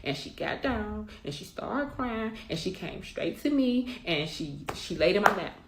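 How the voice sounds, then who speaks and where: A woman's voice: mid-range voice, sing-song, a little slow, noisy background. A middle-aged woman speaking bluntly and with emphasis, often swearing, as a mother telling her side in a storytime rant. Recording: roomy echo.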